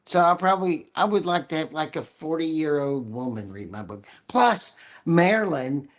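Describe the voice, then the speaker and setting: An older man with a West Texas accent and a slightly raspy voice, a guest author chatting wryly on a podcast. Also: on the high side, animated, normal speed. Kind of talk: casual chat.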